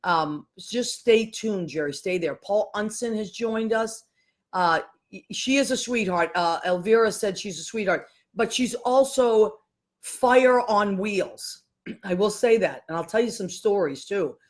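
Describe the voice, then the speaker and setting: A woman's voice: mid-range voice, animated, measured pace. Chatty woman hosting a live show. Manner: chatty, warmly greeting listeners one by one. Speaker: host. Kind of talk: casual live show chat.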